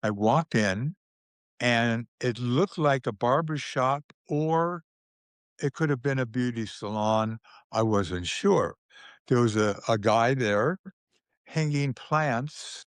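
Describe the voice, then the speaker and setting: An older man, a guest in an interview, telling anecdotes in an unhurried way, with restarts and small chuckles. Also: mid-range voice, no echo, studio quality.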